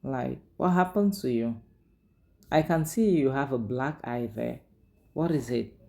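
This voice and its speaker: A protective younger brother presses again and again for the truth, as a woman puts him on. The voice stays low and mellow, with an insistent, pushing edge. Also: measured pace, creaky, full character voice.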